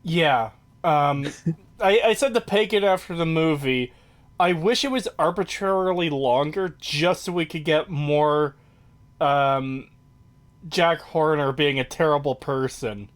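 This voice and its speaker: Young male host, slightly high pitch, loose profane ranting chat. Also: measured pace. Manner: swears freely, ranting and exasperated. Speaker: podcast host. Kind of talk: casual chat.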